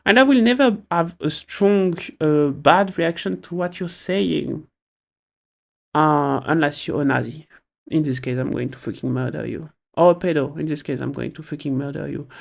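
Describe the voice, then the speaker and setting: A man's voice: on the high side, vocal fry. A man, streaming live and chatting casually about politics in a rambling, profane way, often breaking off mid-sentence. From France. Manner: rambling, profane, self-interrupting.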